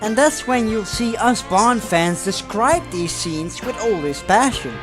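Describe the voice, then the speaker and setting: A Dutch man narrates his fan video in English with an earnest, enthusiastic delivery. His voice moves up and down a lot, at a middling pitch. Clear music runs under him. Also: animated, measured pace. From Netherlands. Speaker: channel host. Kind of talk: scripted narration.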